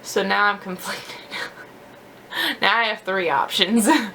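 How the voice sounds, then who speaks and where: A young woman chats through her makeup routine, rambling and poking fun at herself. Her voice has a gravelly edge with vocal fry. There is a faint hiss of noise underneath. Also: medium pitch, fairly even intonation, unhurried, pushed and bright. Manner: chatty, self-deprecating, many fillers like "like". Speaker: beauty vlogger. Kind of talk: casual chat while doing makeup.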